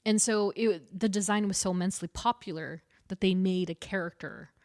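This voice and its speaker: A woman's voice: mid-range voice, no room sound. A woman co-hosts a podcast and retells stories animatedly, laughing now and then. Her voice sits in the middle range and the sound is dry and close. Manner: animated, quick storytelling with laughs. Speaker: podcast co-host. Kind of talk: casual chat.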